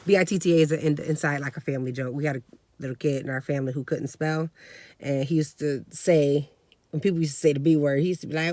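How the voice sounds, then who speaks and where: A woman in her thirties telling a family story in a casual, slangy vlog, animated and laughing along. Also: deep voice, quick pace, dry recording. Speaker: vlogger.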